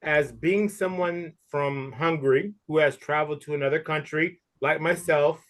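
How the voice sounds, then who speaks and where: A man from the United States asking friendly, halting questions with ums. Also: a little high, steady tone, a bit bright. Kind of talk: casual conversation on a video call.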